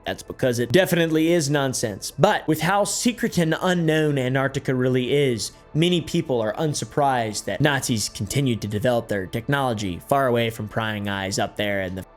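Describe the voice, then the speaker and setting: A man's voice: mid-range voice, normal speed, hardly any pauses, soft background music. A young man hosting a comedic commentary video, sarcastic with frequent joking asides. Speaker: host.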